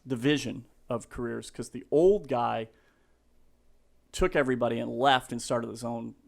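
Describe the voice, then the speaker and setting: A man's voice: medium pitch, normal speed, gravelly. Rambling middle-aged male storyteller. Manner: rambling, lots of fillers and restarts, laughs through stories. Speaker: realtor, podcast guest. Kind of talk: casual storytelling.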